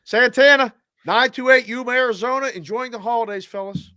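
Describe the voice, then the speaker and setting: A man hosts a live show, running through viewer shout-outs in an upbeat, lively way. His voice sits high and sounds bright and forceful. The recording is dry and close, with no room echo. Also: a little fast. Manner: upbeat, shouts out names and area codes. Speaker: show host.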